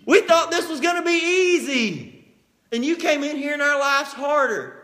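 A man voicing a crowd of frightened freed slaves who complain that life got harder, his voice pushed up high and strained. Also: moderate pace, bright, forceful tone, echoey room. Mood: whining. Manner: complaining, raised pitch.

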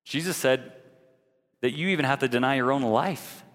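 A man's voice: mid-range voice, normal speed, fairly bright tone, in a large hall. A man preaching a sermon in an earnest, direct way, now and then mocking the views he argues against.

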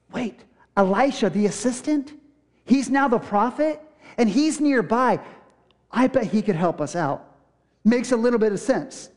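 A man's voice: very high voice, animated, normal speed. A young adult man preaching a sermon, retelling a scripture passage casually and acting out the characters' lines. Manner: casual storytelling with acted-out quotes. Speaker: pastor.

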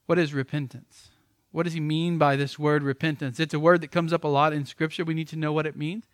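A man's voice: on the high side, level tone, a little fast, dry recording, clean studio sound. A man who is a pastor, preaching a sermon with emphatic repetitions.

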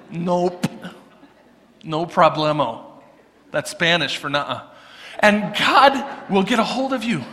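High bright-voiced preacher guy, animated sermon, echoey church hall. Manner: animated, conversational preaching with acted-out quotes. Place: church sanctuary.

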